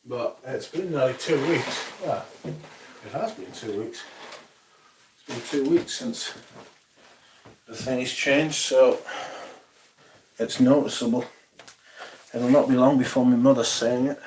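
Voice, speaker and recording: A man's voice: mid-range voice, slow, long pauses, darkish tone, slight background noise. A man hosting a livestream, casually chatting and reading out viewer comments in a rambling way at home. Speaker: livestream host reading chat. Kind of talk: casual chat. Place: home room.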